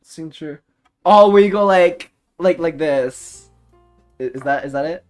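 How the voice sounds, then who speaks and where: A man's voice: a little high, a little slow, faint music behind. A young man chatting casually on a live stream, rambling off on tangents and swearing freely. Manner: rambling, goes off on tangents, swears, laughs often.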